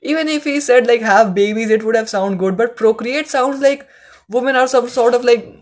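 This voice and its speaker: A host giving casual reaction commentary, exasperated, swearing often and filling every pause with "like". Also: medium pitch. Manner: exasperated, swearing, heavy use of "like".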